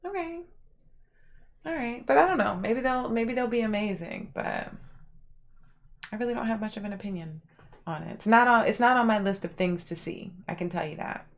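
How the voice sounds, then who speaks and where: A woman hosting a livestream, casually chatting and answering viewers, rambling with lots of fillers and animated reactions. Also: mid-range voice, fairly quick, gravelly. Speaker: livestream host.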